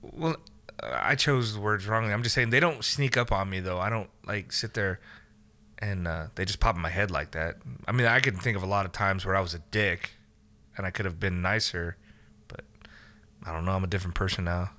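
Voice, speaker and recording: A man's voice: low voice, fairly quick, pushed and bright. A man co-hosting a casual podcast, dropping dry, wry remarks and swearing freely. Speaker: podcast co-host. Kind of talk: casual profane chat.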